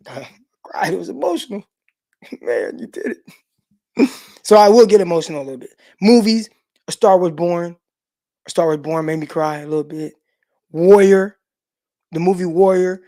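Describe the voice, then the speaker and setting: A man's voice: high-pitched, moderate pace, long pauses, mellow. Laid-back chatty man talking to a livestream. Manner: laid-back, loose and chatty, with lots of "like" fillers; talks straight to the live chat and reads out viewer comments. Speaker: sports show host. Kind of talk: casual livestream chat.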